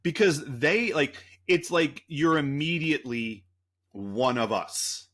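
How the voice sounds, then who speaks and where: A man's voice: fairly high pitch, slow, fairly bright tone. A man co-hosting a podcast, rambling through a story in a loose, profane, casual way. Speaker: podcast co-host.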